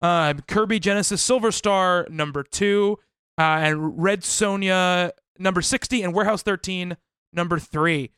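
Guy cohosting a chat podcast, high smooth voice, reads lists, laughs a lot. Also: unhurried, fairly bright tone, no echo. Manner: reads off a release list, laughs often. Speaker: podcast co-host. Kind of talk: casual chat.

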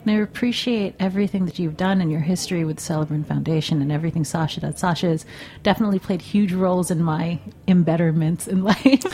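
A woman reverend hosting a talk show, effusive and heartfelt, quick to laugh. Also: lowish voice, animated, a little mellow, a little hiss or hum.

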